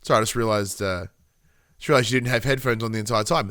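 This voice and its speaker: A man's voice: fairly low pitch, fast talker, a bit bright, no echo, clean studio sound. An Australian man co-hosting a podcast, telling rambling stories with lots of fillers and chuckles. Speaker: podcast co-host. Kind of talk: casual podcast chat.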